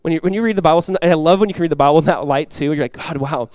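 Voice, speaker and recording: A man's voice: fairly high pitch, rapid-fire, a little mellow, smooth, dry recording. A young man preaching a sermon as pastor, conversational and self-deprecating, rising to emphatic peaks. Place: church.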